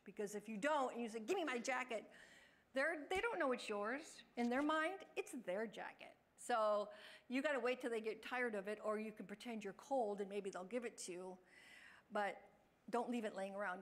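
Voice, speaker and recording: Fast-talking woman giving staff training. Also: fairly high pitch. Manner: fast, chatty, acts out example lines in a bright voice. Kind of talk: in-service training talk.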